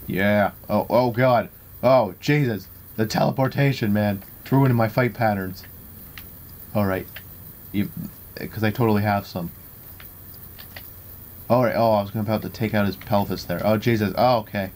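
A young man giving live commentary over his own fighting-game match, excitable and trash-talking, laughing at his own jokes. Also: lowish voice, normal speed, long pauses, a little hiss or hum. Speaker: gameplay commentator.

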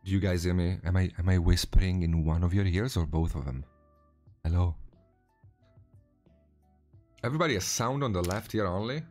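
A man hosting a casual live stream while painting miniatures, greeting viewers by name in a relaxed way with frequent restarts. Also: deep voice, quick pace, faint music behind.

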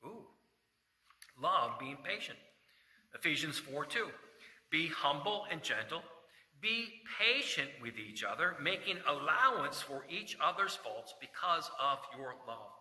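Pastor, middle-aged man, bright tense voice, slightly higher pitched, folksy sermon in a reverberant sanctuary. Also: very animated, unhurried. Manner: folksy, jokes and asides, scripture quotes. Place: church sanctuary. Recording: echoey church hall reverb.

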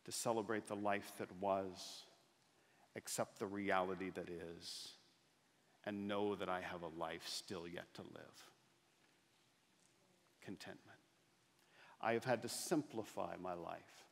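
A man's voice: deep voice, fairly even intonation, vocal fry. Middle-aged man giving an inspirational talk in a reverberant hall. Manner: storytelling with slow, emphatic pauses and rising, louder climaxes. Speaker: motivational speaker. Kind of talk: inspirational keynote speech. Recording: long reverb of a large hall.

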